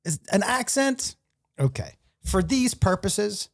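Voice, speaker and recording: A man's voice: high voice, sing-song, takes it slowly, creaky. A man who is a comedian guest, joking around in casual podcast chat and laughing often.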